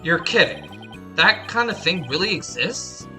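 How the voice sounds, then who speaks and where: A woman voicing a laid-back middle-aged male lawyer who runs the agency, in a lowered voice. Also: expressive, unhurried, music in the background. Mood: dry.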